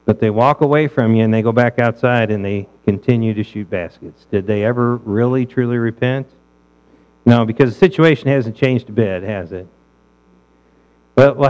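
A man's voice: mid-range voice, clean tone, rough recording. A male pastor preaching a sermon in a conversational way, asking his listeners rhetorical questions.

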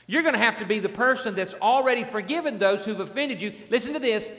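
A man's voice: sits high, quick pace, fairly bright tone, big-room sound. A man preaching a sermon as a pastor, in a conversational way, often repeating his words and asking the congregation questions.

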